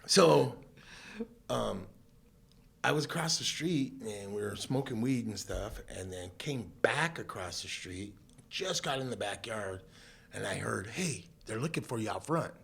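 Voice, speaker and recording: A man's voice: fairly low pitch, measured pace, gravelly. A man from Southern California, a podcast guest, telling a story in a casual interview and acting out the voices of the people in it. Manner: animated storyteller who acts out quoted voices, laughs often.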